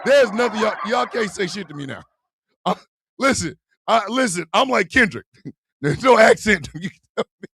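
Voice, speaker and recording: A man hosting a live stream, talking loud and profane and laughing often. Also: high voice, lively intonation, moderate pace, vocal fry, slightly rough, no room sound.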